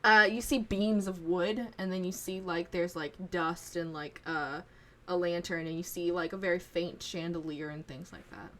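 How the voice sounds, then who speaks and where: Woman running a dnd game, kinda low voice, chatty and loose, lots of "like". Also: steady tone, normal speed, a bit bright. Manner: casual, rambling, many fillers. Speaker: game master. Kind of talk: narrating a tabletop game.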